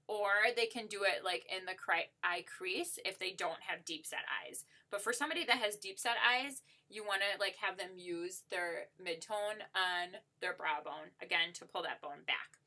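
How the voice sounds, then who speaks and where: A woman's voice: mid-range voice, bright, forceful tone. A woman giving a casual makeup tutorial while demonstrating on herself, upbeat and gushing, with lots of "like" and "so" fillers.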